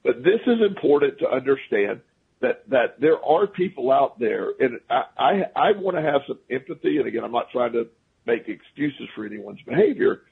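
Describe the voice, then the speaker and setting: A man's voice: medium pitch, very animated, moderate pace, creaky, breathy edge. A man guest on a talk radio show, telling stories in a rambling, casual way with many restarts. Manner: rambling, restarts often, chuckles at his own stories. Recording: phone-line radio call.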